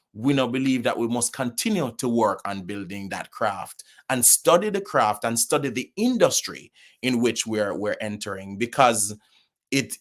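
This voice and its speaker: A middle-aged man from Jamaica with a Jamaican accent, a podcast guest speaking with animated, opinionated conviction in casual conversation. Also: mid-range voice.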